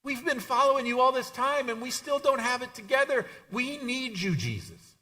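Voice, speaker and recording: A man's voice: a little high, animated, measured pace, sharp tone. A man voicing an anxious, devoted male disciple who begs his teacher not to die, stammering and repeating himself. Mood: pleading.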